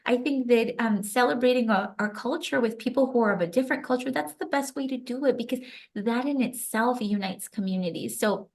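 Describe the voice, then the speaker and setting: This guest author, a young adult woman, talks a little fast in a fairly high voice. Being interviewed, she tells her own story with feeling and animation, leaning often on "like."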